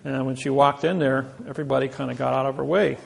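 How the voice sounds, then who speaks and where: A man's voice: mid-range voice, steady tone, quick pace, gravelly, husky. A man giving a boastful storytelling lecture, acting out the voices of people in his stories. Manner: boastful, acts out quoted voices. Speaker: presenter.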